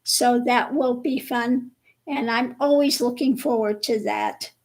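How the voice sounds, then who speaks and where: A woman hosting a casual livestream chat with viewers, slow and chatty, laughing often, with her voice a bit worn. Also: fairly high pitch, darkish tone, poor audio. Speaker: livestream host.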